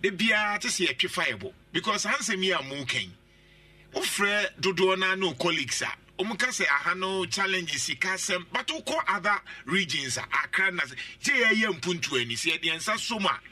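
A man hosts a radio talk show in a very bright, sharp voice pitched a little high. He presses his caller with questions and repeats them until he gets an answer. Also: animated, a little fast.

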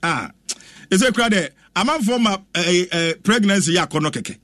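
Man, Ghanaian accent, radio presenter, animated, exclaiming, fairly high voice, dry studio. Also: normal speed, no echo. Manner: animated, exclaims and chants, mixes English with Twi. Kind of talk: lively radio chat reacting to videos.

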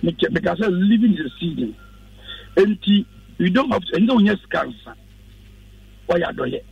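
A man's voice: sits high, animated, fairly quick, vocal fry, no echo, recorded from a distance, highs cut off. A man, a pastor speaking as a radio guest in an earnest, instructive preaching style. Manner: earnest, instructive, quotes scripture.

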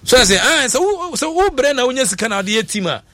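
A Ghanaian man hosting a call-in radio talk show, switching quickly between languages, full of fillers. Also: very high voice, dry recording. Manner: animated, rapid code-switching with many fillers.

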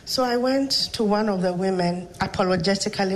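A woman's voice: medium pitch, slight background noise, low-quality recording. A Ghanaian woman, a professor, telling stories and reflecting in an interview. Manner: storytelling, measured and reflective. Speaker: professor and guest. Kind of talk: interview conversation.

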